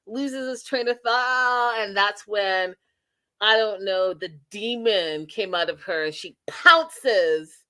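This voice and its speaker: Opinionated woman recapping reality TV. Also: medium pitch. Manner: animated, opinionated storytelling with quoted asides; addresses viewers directly as y'all and you guys. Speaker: host. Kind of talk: recap and review live stream.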